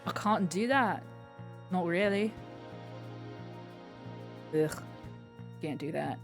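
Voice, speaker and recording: A woman streaming a game playthrough, her voice hoarse, making candid offhand asides. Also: on the low side, slow. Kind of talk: live-stream game playthrough, reading aloud. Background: game music.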